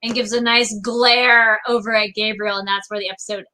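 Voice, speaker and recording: A woman hosting a casual anime discussion, animated and acting out characters' lines as she talks. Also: fairly high pitch, brisk, slight background noise, rough recording. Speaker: host.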